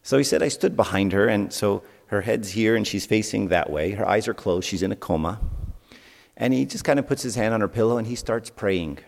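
Guy preaching to a youth group, lowish voice, chatty storyteller, big hall echo. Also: lively intonation, brisk, vocal fry. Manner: conversational storytelling, asks the audience questions. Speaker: youth speaker. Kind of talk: sermon.

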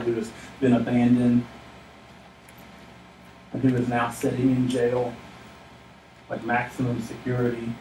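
A man's voice: medium pitch, darkish tone, a little hiss or hum. A man preaching a sermon as a pastor, emphatic and earnest, often speaking a biblical figure's lines in first person. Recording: echoey room, mic at a distance.

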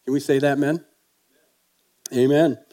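Male preacher, folksy, chatty sermon delivery, asks the room questions, average pitch. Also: fairly even intonation, a little slow, dark tone. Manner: folksy, conversational, with fillers and rhetorical questions.

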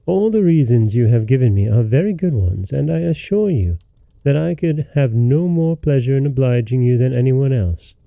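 A man voicing a proud young princess in a storybook reading, speaking firmly and stubbornly in his own gravelly voice. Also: medium pitch, animated, moderate pace, dark tone, dry recording.

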